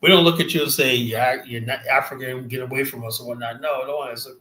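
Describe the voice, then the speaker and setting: A man's voice: mid-range voice, steady tone, quick pace, pushed and bright, reverberant, rough recording. A man from the United States hosting a heated casual debate, talking emphatically in a streetwise way and cutting in to press his points. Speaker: host.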